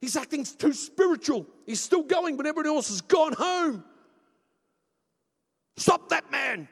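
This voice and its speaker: A preacher acting out an agitated, indignant male disciple who shouts in protest. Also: animated, unhurried, full character voice. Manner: shouting, high-pitched protest. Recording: long hall reverb.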